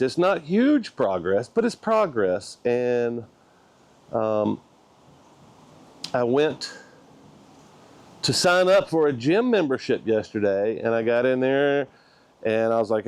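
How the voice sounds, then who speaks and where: A man vlogging a personal update, talking in a halting, thoughtful way with frequent restarts. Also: mid-range voice, animated, a little mellow. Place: outdoors, walking.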